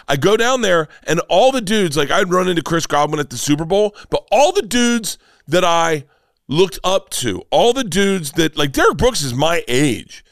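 A man in his fifties, a comedian guest, telling stories in casual podcast talk, animated and rambling with many restarts. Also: fairly high pitch, moderate pace, dry recording, clean studio sound. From Florida, United States.

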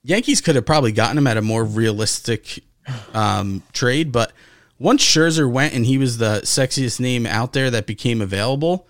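Animated, swearing male podcast co-host. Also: medium pitch, moderate pace, dry recording, studio quality. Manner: animated, swears often, emphatic. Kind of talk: casual sports chat.

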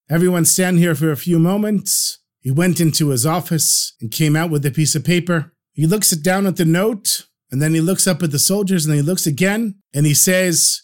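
Brief: expressive male storyteller, fairly high voice. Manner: expressive, shifts voice for characters. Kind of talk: storytelling narration.

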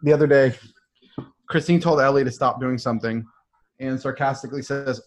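A man's voice: medium pitch, steady tone, a little fast, long pauses. A man co-hosting a casual movie commentary, cracking jokes and telling family stories. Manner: jokey storyteller. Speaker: podcast co-host.

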